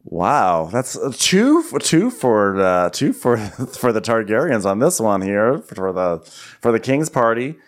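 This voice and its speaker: A man with a lowish voice recaps a fantasy show with a friend in a loose, rambling comic riff. His pitch rises and falls a great deal as he slips into mocking impressions of the characters. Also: very animated, unhurried. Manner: rambling, with frequent "like" fillers and mocking quotes. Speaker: podcast co-host recapping a TV episode. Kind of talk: comedic recap chat.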